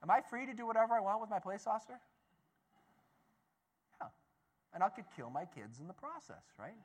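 A man giving a talk as a Catholic speaker, telling a story to an audience in an animated way, swinging between loud and soft. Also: sits high, fairly quick.

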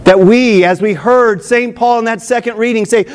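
A male priest giving an excited, emphatic homily in church, drawing out key phrases slowly. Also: very high voice, clear, resonant tone. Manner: excited, emphatic preaching with slow drawn-out phrases.

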